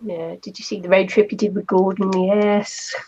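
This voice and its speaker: A woman's voice: mid-range voice, level tone, normal speed, a little mellow. A woman with a New Zealand accent chatting casually on a video call while she crafts, laughing often and murmuring to herself as she works. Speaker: craft channel host. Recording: dull lo-fi call audio with faint noise.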